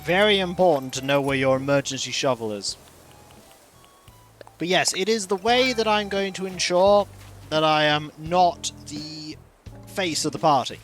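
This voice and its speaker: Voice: medium pitch, fairly bright tone. A streamer giving casual, joking commentary while playing a game. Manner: dry, joking asides.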